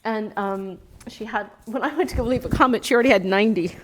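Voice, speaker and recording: A woman's voice: mid-range voice, fast talker, hardly any pauses. A middle-aged woman from California chatting casually about her pottery and a local winery, emotional and laughing as she fights back tears. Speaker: pottery vlogger. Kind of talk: casual chat.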